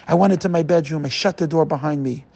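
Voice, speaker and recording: A man's voice: on the high side, quick pace, creaky, mellow, no echo. A man voicing a remorseful, middle-aged man who confesses his wrongdoing to a rabbi and pleads for forgiveness. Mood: ashamed. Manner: pleading, emotional.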